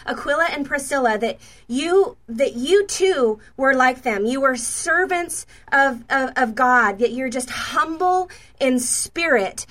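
A woman's voice: sits high, animated, slow, a bit bright. A woman minister giving spontaneous prophetic words and prayer to named viewers, fervent and repetitive with many stammered restarts.

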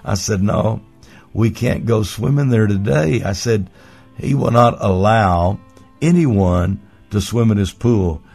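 A man's voice: lowish voice, takes it slowly, vocal fry, a little mellow, faint music behind. A man preaching, telling a childhood story in a folksy way, piling up long strings of synonyms. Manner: folksy, piles up synonyms, chuckles while telling. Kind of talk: storytelling sermon.

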